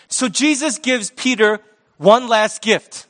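A male pastor giving a sermon in a conversational, lively manner with sports talk. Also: high voice, normal speed.

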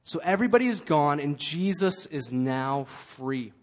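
A man preaching a sermon as pastor, earnest with light humor, slowing down to repeat key phrases. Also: on the high side, expressive.

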